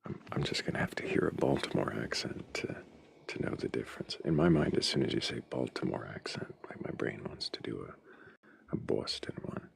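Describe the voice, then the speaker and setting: A man's voice: extremely low pitch, expressive, brisk, vocal fry, whispered. A man hosting a casual livestream, playfully riffing on accents and tongue twisters while reading chat comments. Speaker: livestream host.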